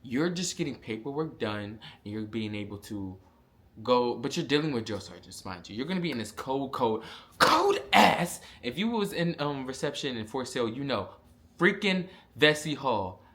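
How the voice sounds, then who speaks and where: A young man, telling a casual storytime vlog with lots of fillers and animated asides. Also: medium pitch, normal speed. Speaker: vlogger.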